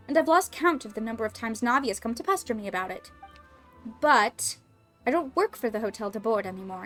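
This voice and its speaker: A woman voicing a stern, proud former head chef who speaks in a dry, measured, self-critical way. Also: a little high, a bit bright.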